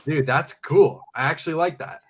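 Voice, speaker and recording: A man's voice: on the high side, moderate pace, husky. Chatty young man hosting a live stream. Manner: chatty, laughs often, reads viewer comments aloud. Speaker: livestream host and reseller. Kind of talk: casual livestream chat.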